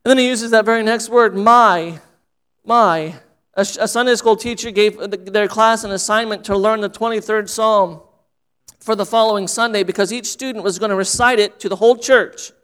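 A man's voice: sits high, fairly even intonation, fairly quick, fairly bright tone, smooth. A man preaching a sermon as pastor, earnest and repeating phrases for emphasis.

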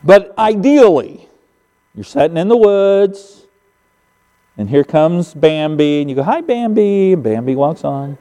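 A man's voice: fairly high pitch, animated, unhurried, dark tone, big-room sound. An older man preaching a sermon as pastor, telling folksy stories with emphatic sound effects. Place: church sanctuary.

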